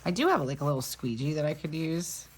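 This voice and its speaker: In a casual crafting tutorial, a planner vlogger walks through each step and shrugs off little slip-ups with a laugh. Her voice is low and very animated, she talks fast, and there's a slight hiss or hum in the audio.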